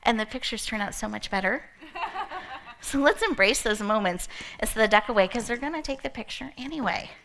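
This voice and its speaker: Bright-voiced woman giving a playful talk. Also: fairly high pitch, lively intonation, a little fast, vocal fry, a little hiss or hum. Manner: playful storytelling, laughing often. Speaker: motivational speaker opening an event. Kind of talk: inspirational talk to a live audience.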